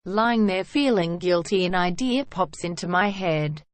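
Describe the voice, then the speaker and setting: A woman's voice: on the low side, a little slow, dry recording. Woman reading stories in a dry voice. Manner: even, steady reading that voices "quote" and hashtags. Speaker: narrator. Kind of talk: reading online stories aloud.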